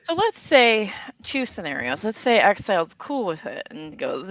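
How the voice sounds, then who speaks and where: Woman, host, casual chat, rambling, fillers, creaky voice. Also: medium pitch, big pitch swings, moderate pace, few pauses, fairly bright tone, no echo, dull audio. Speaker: podcast host.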